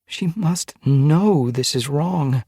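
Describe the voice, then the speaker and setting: A man with a husky voice voicing an anxious young she-cat in an audiobook. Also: mid-range voice, big pitch swings, normal speed, no room sound, clean studio sound, voice pushed up.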